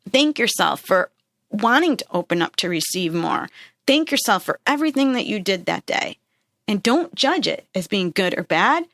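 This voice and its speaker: A woman's voice: medium pitch, big pitch swings, normal speed, a bit bright, no echo. Earnest woman with a dry close voice. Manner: encouraging, earnest, frequent "right?" and "okay?". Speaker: podcast host. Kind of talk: motivational self-help talk.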